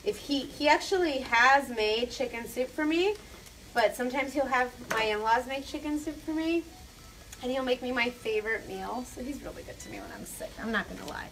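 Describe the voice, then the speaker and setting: A woman's voice: sits high, expressive, normal speed, fairly bright tone, a little hiss or hum. A young adult woman hosting a live cooking demonstration, chatty and upbeat, talking straight to her viewers. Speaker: cooking show host.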